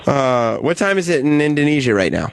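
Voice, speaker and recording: A man's voice: mid-range voice, big pitch swings, brisk, slight background noise. A man co-hosting a radio show, joking with callers in casual talk. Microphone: studio mic.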